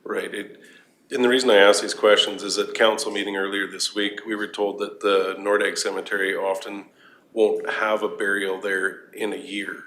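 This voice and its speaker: A man's voice: on the low side, flat delivery, moderate pace, a bit bright. A man serving as councillor, questioning staff at a council meeting in a probing, skeptical way. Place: council chamber. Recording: roomy chamber sound.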